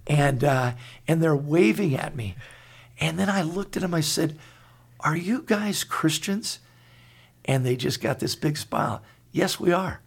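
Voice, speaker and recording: A man in his sixties, co-host of a Christian talk show, telling stories in an earnest, halting way with many restarts. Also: a little high, vocal fry. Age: 60s. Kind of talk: conversational storytelling.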